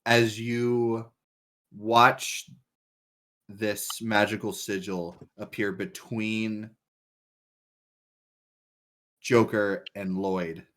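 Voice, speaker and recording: A man narrating a tabletop game as game master, slow and deliberate with many fillers. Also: on the low side, a bit bright.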